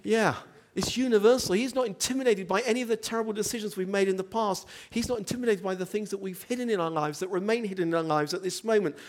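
A man's voice: sits high, fast talker, few pauses. A man preaching a sermon, telling a story with animation and asking the congregation questions. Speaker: pastor.

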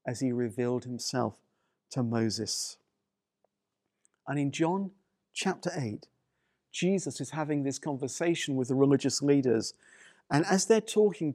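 A man's voice: mid-range voice, dark tone, dry recording, clean studio sound. A man preaching a sermon to people watching at home. He speaks with emphasis and repeats key phrases. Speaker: pastor.

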